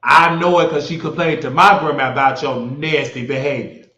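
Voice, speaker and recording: A man's voice: on the high side, steady tone, normal speed, sharp tone. A man hosting a live stream, talking casually and bluntly, mocking viewers and telling stories. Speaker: livestream host. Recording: echoey, slightly dull sound.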